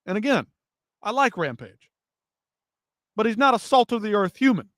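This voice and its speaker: A man's voice: high-pitched, very animated, moderate pace, a bit bright, no echo, studio quality. A man hosting a live fight-news stream, ranting and swearing in heated commentary. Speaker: MMA news show host.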